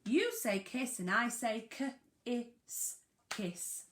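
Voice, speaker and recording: A woman teaching a phonics lesson to young children, sounding out words slowly and emphatically. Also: fairly high pitch, a little hiss or hum. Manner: slow, sing-song, emphatic sounding out of words. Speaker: primary school teacher. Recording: echoey room.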